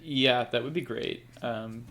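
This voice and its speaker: A man co-hosting a podcast, relaxed, mostly short agreeing replies in casual chat. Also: medium pitch, measured pace. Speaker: podcast co-host.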